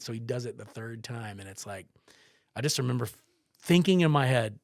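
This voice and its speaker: Animated man telling a story. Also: medium pitch, brisk, vocal fry, dry recording, clean studio sound. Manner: animated, swearing, acts out quotes. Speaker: podcast guest, photographer. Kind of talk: casual storytelling.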